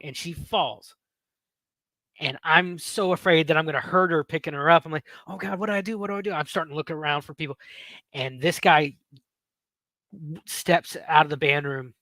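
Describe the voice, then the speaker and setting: A man in his thirties, a podcast host, telling a story in a casual, animated way, swearing and laughing as he goes. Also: fairly high pitch, dry recording. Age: 30s.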